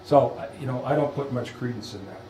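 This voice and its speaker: Animated man lecturing in an echoey room. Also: medium pitch, fast, a little hiss or hum. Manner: emphatic, rhetorical questions, animated. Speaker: visiting law lecturer. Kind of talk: lunchtime law lecture. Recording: echoey room, far from mic.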